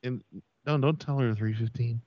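A man of middle pitch delivering absurd lines flatly on a prank call. The recording is dull, lo-fi and dry. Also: normal speed, no room sound. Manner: deadpan absurd claims. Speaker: prank caller.

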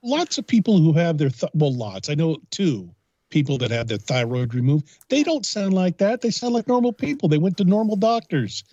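A man's voice: a little high, normal speed, no room sound, lo-fi sound. Sarcastic man on a prank call. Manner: sarcastic, deadpan teasing. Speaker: radio prank caller. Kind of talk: comedic phone bit.

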